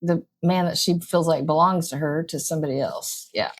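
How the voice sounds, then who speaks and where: A woman co-hosting a casual recap chat, agreeable and quick with short affirmations. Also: sits low. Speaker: co-host of a TV drama recap show.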